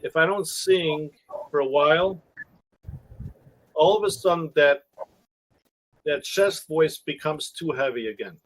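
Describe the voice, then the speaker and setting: Guy coaching singing in a group call, slightly high husky voice, stops and restarts a lot. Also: rough recording. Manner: halting, restarts often, laughs between points. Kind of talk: casual group video chat.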